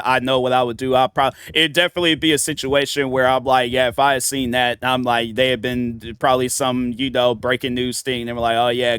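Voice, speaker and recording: A man's voice: medium pitch, fairly bright tone, clean tone, dry recording. A young man hosting a reaction video, rambling loosely and voicing his own thoughts as little quotes. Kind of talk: casual reaction commentary.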